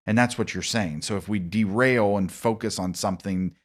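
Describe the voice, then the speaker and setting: A man's voice: lowish voice, normal speed. A man hosting a podcast conversation, thinking aloud and building on his guest's points with personal examples. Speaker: podcast host.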